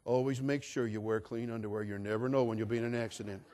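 A man's voice: mid-range voice, fairly even intonation, fast talker, darkish tone, pitched below the performer's own voice, natural voice. A preacher mimicking a prim nagging mother. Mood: admonishing. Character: nagging mother giving her son old advice.

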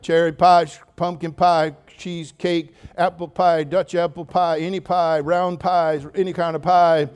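An older man preaching a sermon as pastor, telling funny stories with sudden loud outbursts, then speaking more quietly and earnestly. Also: on the high side, a little slow, hardly any pauses, smooth. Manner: humorous, animated storytelling with sudden loud outbursts. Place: church.

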